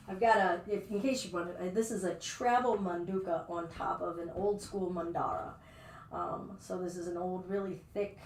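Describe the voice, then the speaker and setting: A yoga instructor with a low-leaning voice leads a live class, chatty and playful as she narrates her own movements. The recording comes from an echoey room with a distant mic and a little hiss or hum.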